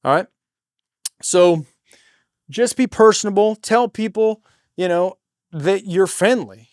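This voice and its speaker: A man with a high, light speaking voice shares stage tips in a relaxed, slangy way, swearing freely. The sound is close and dry. He sometimes bursts into loud stage patter to show how it is done. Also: slow pace, no echo. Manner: demonstrates stage patter by suddenly getting loud. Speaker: singer in a cover band. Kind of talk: casual advice monologue.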